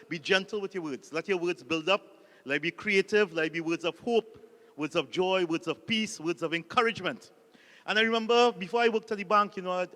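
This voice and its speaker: A man's voice: sits high, sharp tone, long reverb tail. A man with a Trinidadian accent, a Catholic priest giving a humorous motivational talk full of stories and audience call-and-response. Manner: jokey storyteller, calls on the audience to repeat lines.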